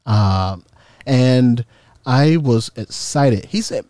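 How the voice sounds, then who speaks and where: A man tells a funny story from his own life in a casual, lively way, his voice leaping around in pitch. His tone is mellow and dark. The room is dry, with no echo. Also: extremely slow. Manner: animated, humorous, acts out quoted voices.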